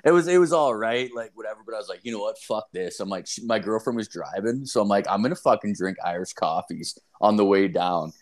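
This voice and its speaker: A fairly low-voiced man talks fast with few pauses, telling a story casually. The account rambles, is laced with profanity and filler like "like" and "dude," and he animatedly acts out what others said.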